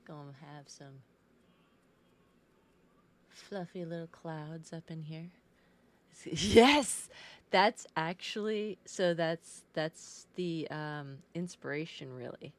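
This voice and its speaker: A woman with a low voice chats slowly while she paints on a live stream. She greets her viewers and talks to her cat in a relaxed, casual way.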